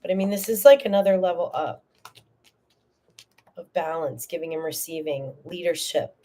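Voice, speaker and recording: A woman giving a live tarot reading, chatty and animated, often checking in with "okay?" and "all right?", and tearful at times. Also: fairly low pitch, normal speed, a little hiss or hum. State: tearful, emotional. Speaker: tarot reader.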